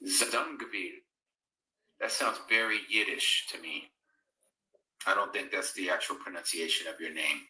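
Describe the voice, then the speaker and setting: A man hosts a live-streamed Bible fellowship, chatting casually, reading viewers' comments aloud and answering them conversationally, and reading scripture. His deep voice moves at normal speed and sounds pushed and bright, recorded far from the mic in an echoey room.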